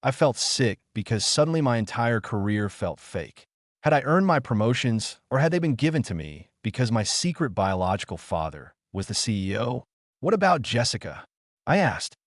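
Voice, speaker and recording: A man narrating a first-person story in a steady, measured reading. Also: fairly low pitch, no echo, studio quality.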